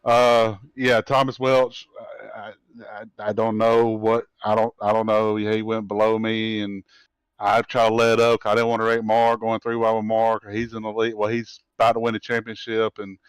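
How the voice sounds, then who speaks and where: In a halting post-race interview, a man who both runs the racing league and drives in it often repeats his words. His voice is lowish, monotone and smooth, in a dry recording.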